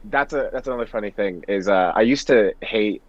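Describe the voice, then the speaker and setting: A young man co-hosting a podcast, telling a story in a wry, halting way in casual chat. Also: fairly low pitch, muffled recording. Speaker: podcast co-host.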